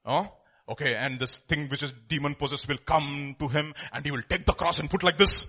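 Male preacher, high bright voice, emphatic, loud bursts then low asides. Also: a little fast, slightly rough. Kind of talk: sermon.

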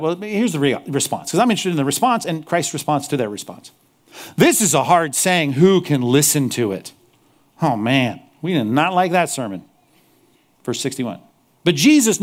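A male pastor preaching a sermon, animated, slipping into mocking apologetic asides. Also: a little high.

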